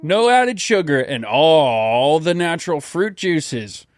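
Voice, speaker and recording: A man's voice: on the high side, very animated, slow. A man co-hosting a comedy podcast, chatting playfully, laughing often and joking through ad reads. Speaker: podcast co-host. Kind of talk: comedic casual chat and ad reads.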